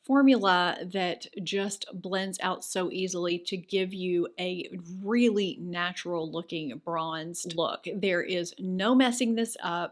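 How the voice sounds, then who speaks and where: A woman beauty vlogger chatting casually and enthusiastically through a product review, with rambling asides. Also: mid-range voice.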